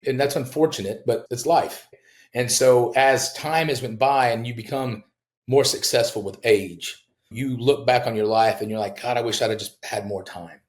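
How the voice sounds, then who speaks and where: A middle-aged man in a podcast chat, telling lively builder stories with a middle-pitched voice. He mimics the people in his tales with sudden high jumps in pitch. His voice sounds roomy, with echo from the room. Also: normal speed. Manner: animated storyteller who acts out quoted people with big jumps in pitch. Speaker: home builder, podcast guest. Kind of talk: casual storytelling in a podcast interview.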